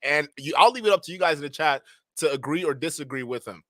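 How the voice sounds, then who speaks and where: A man's voice: fairly high pitch, animated, quick pace, fairly bright tone, dry recording, clean studio sound. A man hosting casual reaction commentary, chatting directly to his viewers. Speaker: commentary channel host.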